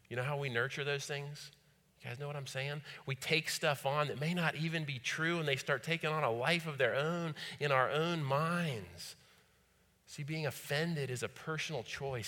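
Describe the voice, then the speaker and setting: Bright-voiced male pastor preaching. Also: medium pitch, moderate pace. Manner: repetitive, rhetorical questions to the congregation. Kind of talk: sermon. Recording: long hall reverb.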